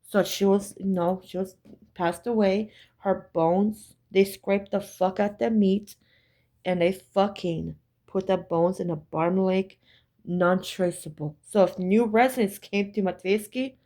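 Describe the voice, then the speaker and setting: A woman's voice: mid-range voice, unhurried, darkish tone. A woman telling a story in a casual vlog, profane, emphatic and repetitive.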